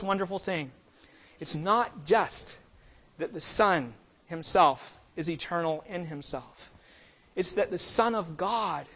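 A man's voice: high voice, fairly bright tone. A man preaching a sermon with earnest emphasis, his volume swelling and dropping.

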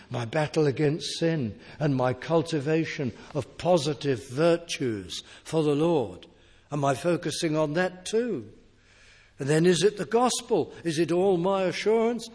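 A man preaching a sermon in a measured, emphatic way, pausing deliberately between phrases. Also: a little high, a little mellow. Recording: long hall reverb.

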